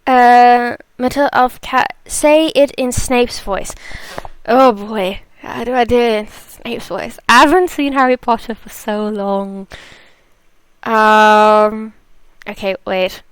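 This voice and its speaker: A woman's voice: on the high side, fairly even intonation, slow, clear, resonant tone, dry recording. A woman from South Africa hosting a live stream, chatting casually, laughing and reading out viewer comments. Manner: chatty, laughs often, reads chat aloud.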